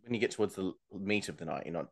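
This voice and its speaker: A man's voice: deep voice, rapid-fire, slightly rough. A man co-hosts a casual podcast. He talks in a chatty, gossipy way and often breaks into laughter. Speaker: podcast co-host recapping a TV show. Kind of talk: casual chat.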